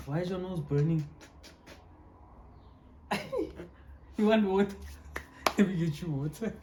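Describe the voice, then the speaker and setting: A man's voice: sits high, slow, background noise. A South African man co-hosting a couple's vlog, teasing his partner and laughing often in playful casual chat. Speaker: co-host of a couple channel.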